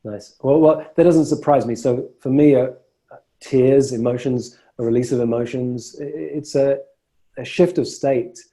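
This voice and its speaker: A man's voice: medium pitch, fairly even intonation, moderate pace, mellow. A man coaching clients on a call, emphatic and often repeating words as he starts a phrase. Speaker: coach and host.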